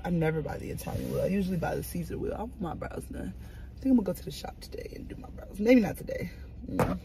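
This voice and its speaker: A woman chatting casually to her camera from inside a car, animated and swearing freely as she talks to herself. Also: on the low side. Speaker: vlogger. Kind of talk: casual car vlog chat. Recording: car noise behind the voice. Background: vehicle ambience.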